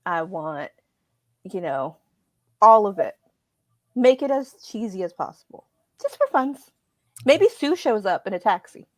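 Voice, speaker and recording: A woman co-hosting a casual wrestling podcast, animated and quick to laugh. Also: medium pitch, no echo, clean studio sound. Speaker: podcast co-host.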